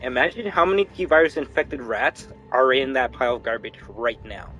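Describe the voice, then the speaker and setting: Young man, animated profane game streamer. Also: mid-range voice, moderate pace, soft background music, rough recording. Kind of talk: casual gaming commentary.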